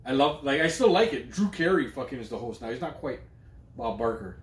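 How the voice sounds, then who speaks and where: A man's voice: medium pitch, expressive, fairly quick. A young man co-hosting a podcast, telling stories in a loose, profane, joking casual chat. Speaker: podcast co-host. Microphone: studio microphone. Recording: roomy room echo.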